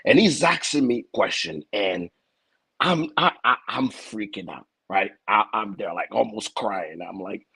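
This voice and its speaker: Lively husky man. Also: on the low side, measured pace, low-quality recording. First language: French. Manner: animated, stammering repeats, acts out other voices. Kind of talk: casual comic storytelling.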